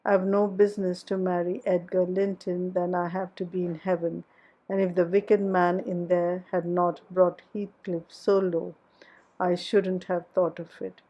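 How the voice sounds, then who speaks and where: A woman's voice: lowish voice, little pitch movement, a little slow, dark tone, highs cut off. A woman voicing a passionate, headstrong young woman in love, in an audiobook reading of a classic novel. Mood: impassioned.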